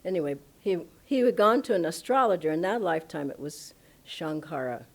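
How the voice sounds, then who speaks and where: Woman spiritual teacher, low-pitched, animated storyteller at a satsang. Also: a little fast. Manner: animated, emphatic storytelling, laughs often. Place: ashram satsang hall.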